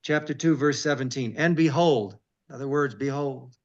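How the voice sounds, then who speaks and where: A man, a rabbi, reading scripture aloud slowly and with emphasis, stopping to comment and ask searching questions in a devotional conversation. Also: medium pitch, dull audio. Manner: reads scripture slowly and emphatically, breaks off with asides. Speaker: rabbi, interview guest.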